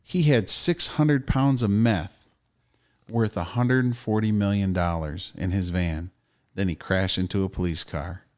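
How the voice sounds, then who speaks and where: A man's voice: sits low, measured pace. A man co-hosting a casual podcast, talking in a loose, opinionated and profane way. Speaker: podcast co-host.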